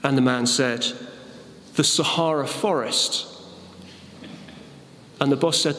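Man, preacher, sermon, Bible reading, mid pitch, roomy hall, long reverb. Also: slow pace, long pauses, a bit bright. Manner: expository, with fillers and a told joke.

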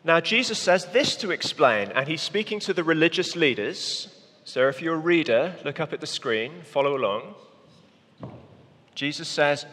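A man's voice: fairly high pitch, expressive, normal speed, bright, forceful tone, big-room sound. A man preaching a children's talk, coaxing young volunteers through a parable they act out on stage. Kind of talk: sermon with volunteers acting a parable.

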